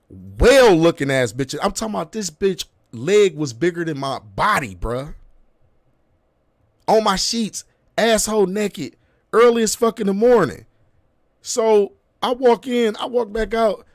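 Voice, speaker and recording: A man in his thirties telling a long story in casual chat, with animated delivery and heavy street slang, acting out what people said. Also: high-pitched, no echo, studio quality. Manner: animated, profane street slang, acts out quotes. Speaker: podcast host.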